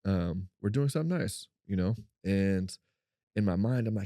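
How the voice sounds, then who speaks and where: A man co-hosting a faith-based podcast, telling a personal story in an animated way and acting out what people said. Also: normal speed, no room sound, clean studio sound. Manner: animated storyteller, acts out quotes in a high voice. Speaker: podcast co-host.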